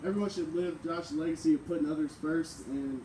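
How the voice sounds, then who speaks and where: A young man in his twenties giving a eulogy for his best friend, hesitant and full of pauses. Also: on the high side, steady tone, mellow. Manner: hesitant, with many "uh"s. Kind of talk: memorial speech. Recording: echoey, distant mic, faint noise.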